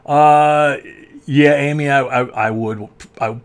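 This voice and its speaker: A man in his sixties hosting a casual coin-searching livestream, rambling with lots of "um"s and soft chuckles. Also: medium pitch, fairly even intonation, slow. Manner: rambling, chuckling, many fillers. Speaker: coin channel host.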